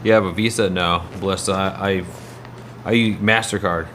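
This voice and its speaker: Low-voiced man rambling on a livestream. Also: steady tone, normal speed, a bit bright, a little hiss or hum. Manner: rambling, answers chat messages. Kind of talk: casual livestream chat.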